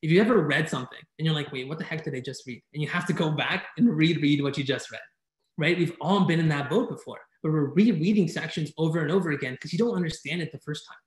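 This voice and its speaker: Upbeat male presenter in an echoey room. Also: fairly high pitch. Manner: enthusiastic, fast-talking, keeps asking "right?". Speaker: conference speaker teaching speed reading. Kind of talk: energetic online presentation. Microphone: video call.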